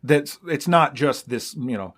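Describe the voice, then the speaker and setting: A man's voice: medium pitch, measured pace, fairly bright tone. Laid-back, explaining male podcast co-host. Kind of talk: casual podcast chat.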